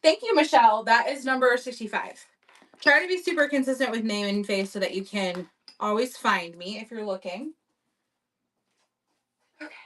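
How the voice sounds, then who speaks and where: A woman's voice: fairly high pitch, normal speed, pauses often, fairly bright tone, recorded from a distance, a little hiss or hum. A woman hosting a casual live-stream auction, chatting upbeat as she describes vintage items for buyers. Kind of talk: casual live-selling chat.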